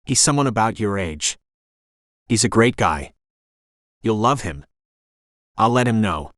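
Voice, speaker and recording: An energetic innkeeper woman in her sixties talks in a faint Jamaican accent, voiced by a man reading an audiobook. The voice sits low and close, with a dry, intimate sound. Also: a little slow, no echo. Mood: chatty.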